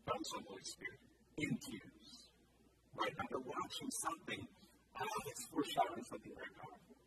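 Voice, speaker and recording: A man's voice: extremely high pitch, lively intonation, a little fast. A man preaching a sermon, reading scripture aloud, repeating key phrases and urging listeners to follow along. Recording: loud noisy recording from a distance.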